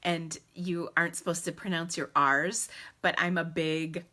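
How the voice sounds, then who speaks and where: A woman in her forties hosting a casual crafting live stream from home, bubbly and chatty and quick to laugh, talking into her phone camera. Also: fairly low pitch, steady tone, bright, forceful tone. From United States. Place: at home indoors. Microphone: phone camera in selfie mode.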